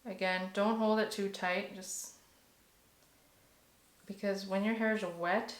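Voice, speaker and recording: A woman's voice: mid-range voice, flat delivery, takes it slowly. Chatty young woman vlogging, roomy echo. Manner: chatty and nervous, with many fillers. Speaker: beauty vlogger. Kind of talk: casual tutorial vlog.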